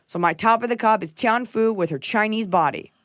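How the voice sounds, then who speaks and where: A woman's voice: medium pitch, a little fast, dry recording, clean studio sound. A woman comedian hosting a podcast, telling stories in casual chat, blunt and profane, acting out the people she quotes. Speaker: podcast host and stand-up comedian.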